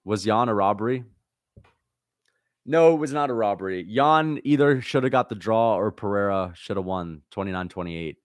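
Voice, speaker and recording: A man hosts a casual livestream, reading out viewer comments and venting about getting things wrong. His voice sits fairly low and sounds close and dry, with no room around it. He curses freely and lurches between sharp outbursts and grumbling under his breath. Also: fairly quick, hardly any pauses, clear, resonant tone, no room sound. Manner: frustrated, swears a lot, swings between loud outbursts and low muttering. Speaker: livestream host reacting to fights.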